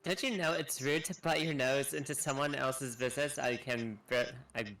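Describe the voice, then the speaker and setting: Man playing a nosy valley-girl busybody, snooty, prying, bright voice, live-stream game voice-over. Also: mid-range voice, steady tone, normal speed, far from the mic, faint music behind, lightly acted.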